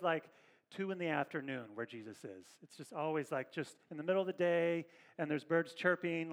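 High male voice, pastor, conversational sermon, animated, church setting. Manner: conversational, animated preaching with asides to the congregation.

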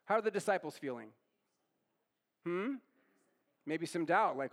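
High-voiced man preaching conversationally. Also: lively intonation, unhurried, fairly bright tone. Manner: asks the audience questions and repeats their answers; conversational, often tags lines with "right?". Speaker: pastor. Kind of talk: interactive sermon.

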